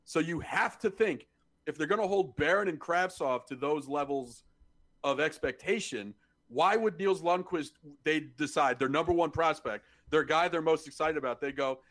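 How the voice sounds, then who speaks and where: Exasperated man, higher-pitched voice. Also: moderate pace, a bit bright. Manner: exasperated, repeats himself when worked up. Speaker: podcast co-host. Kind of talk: casual sports chat.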